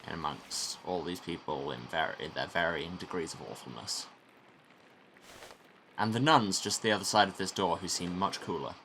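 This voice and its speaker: A man's voice: low-pitched, normal speed, sharp tone, a little hiss or hum. A man doing let's-play commentary as he streams a game, with wry, sarcastic asides.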